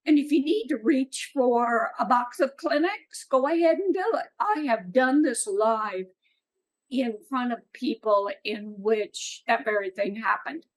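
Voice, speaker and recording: A woman's voice: on the high side, animated, measured pace, poor audio. A middle-aged woman giving an earnest, encouraging talk at a writing workshop. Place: meeting room.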